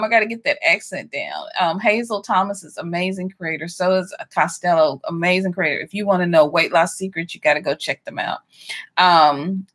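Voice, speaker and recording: A woman hosting a casual livestream, greeting viewers by name with many ums and quick laughs. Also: on the low side, a bit bright. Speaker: livestream host.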